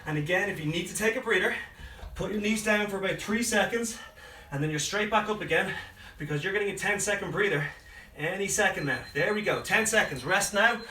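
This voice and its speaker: A man's voice: high-pitched, brisk, pushed and bright, slight background noise. A man coaching a home workout, out of breath as he counts down reps and gives encouraging cues. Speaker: fitness coach. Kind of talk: live workout instruction with counting. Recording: roomy sound from a distant mic with faint music behind.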